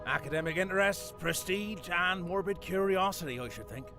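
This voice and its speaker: An actor voicing a dead older English gardener with a West Country accent, dry and darkly playful, in a video game. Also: male voice, high-pitched, expressive, normal speed, over music. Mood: sly. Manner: wry, theatrical, darkly playful.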